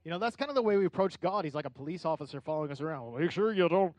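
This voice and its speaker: A middle-aged man preaching a conversational sermon as a pastor, building into animated bursts. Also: a little high, very fast, no echo, dull audio.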